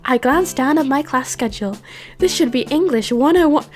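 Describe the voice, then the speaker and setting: A sweet, bubbly anime schoolgirl in a game, as a woman puts her on who talks in a noticeably high, cute voice. Light music plays softly behind her. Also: animated, normal speed. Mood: cheerful. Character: cute young female anime transfer student.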